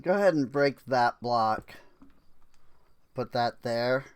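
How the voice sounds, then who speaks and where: Young guy streamer rambling over his game, kinda slow, clean smooth voice, laughs a lot, throat a bit dry. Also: mid-range voice, expressive. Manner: rambling, laughs often, filler-heavy. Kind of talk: casual gameplay commentary.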